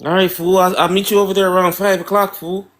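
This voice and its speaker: A man's voice: sits high, little pitch movement, quick pace, a bit bright, voice pushed up. A man voicing a boastful young man who brags and repeats himself in slangy talk in a comedic skit. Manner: slangy, repetitive, bragging.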